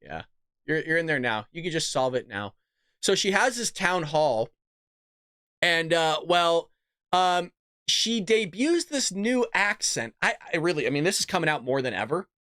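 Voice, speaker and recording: A man's voice: a little high, fairly bright tone, no echo, clean studio sound. A man hosting a political commentary podcast, talking in a sarcastic, mocking, chatty way. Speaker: podcast host.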